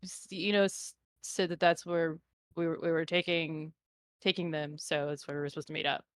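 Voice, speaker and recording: A woman's voice: deep voice, little pitch movement, moderate pace, clean tone, no echo, lightly acted. A woman voicing a nervous half-orc man in a tabletop game, who stammers and trails off. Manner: stammering, hesitant.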